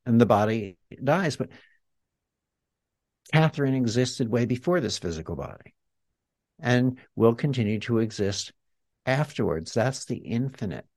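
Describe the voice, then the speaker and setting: Man guiding a calm reflective exercise. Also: medium pitch, unhurried, long pauses, dry recording. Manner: guiding, explains in a teacherly way. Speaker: healer and guest. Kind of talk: reflective interview talk.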